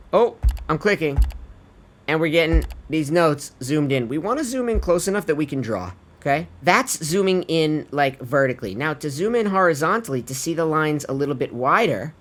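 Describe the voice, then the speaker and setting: A man casually walking viewers through a vocal tuning tutorial, chatty and laid-back, swearing offhand and calling the viewers his friends. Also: on the high side. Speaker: music producer teaching vocal tuning. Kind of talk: casual screen-recorded tutorial.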